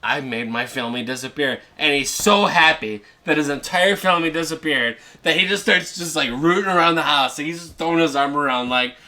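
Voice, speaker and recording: A man with a bright, sharp, slightly high voice tells a movie's plot as a rowdy comedy bit. He swears all the time and often jumps into loud, shouted character voices. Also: a little fast, few pauses. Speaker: comedy podcast host. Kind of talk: profane comedic movie retelling.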